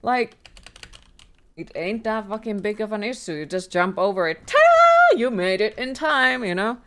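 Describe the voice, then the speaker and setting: A woman's voice: medium pitch, moderate pace, a bit bright, slight background noise. A woman livestreaming a horror game, ranting with heavy profanity and exasperation in casual live commentary.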